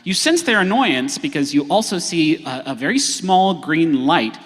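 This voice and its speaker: A man's voice: a little high, lively intonation, normal speed, fairly bright tone. A man running a tabletop game as game master before a live audience, narrating hesitantly with many fillers. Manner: hesitant, lots of uh fillers, playful. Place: large theater stage. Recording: live theater stage reverb.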